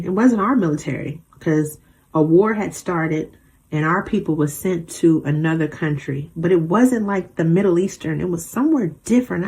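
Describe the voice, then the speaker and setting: A woman's voice: lowish voice, a little mellow. A woman tarot reader in a casual vlog monologue, rambling through stories in a blunt, emphatic way with slang and mild swearing.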